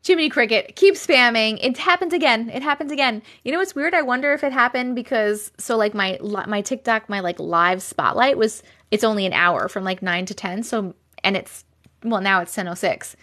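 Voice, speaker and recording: A woman's voice: fairly high pitch, moderate pace, a bit bright. A woman in her thirties hosting a casual live stream, bubbly and chatty, thanking viewers and reading comments aloud. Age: 30s.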